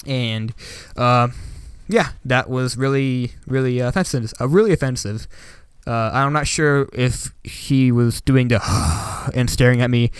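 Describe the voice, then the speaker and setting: Storytime vlogger, young man rambling with lots of fillers, smooth voice, dry close mic. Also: mid-range voice, a little slow, dry recording. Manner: rambling, animated retelling with filler words. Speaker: YouTuber. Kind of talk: casual storytime monologue.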